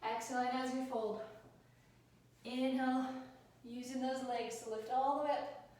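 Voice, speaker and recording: A woman leads a yoga class with calm, encouraging cues for each breath and movement. Her voice is fairly high and sits back from the mic. The room is very echoey, with a faint hiss underneath. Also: moderate pace, recorded from a distance. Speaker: yoga instructor. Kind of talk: guided yoga class instruction.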